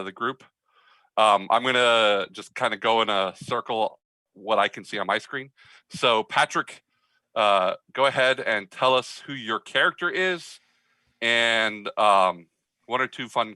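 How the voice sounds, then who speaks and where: Bright-voiced game master, halting speech. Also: male voice, on the low side, no room sound, low-quality recording. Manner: halting, many fillers, friendly. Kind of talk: running an online tabletop game.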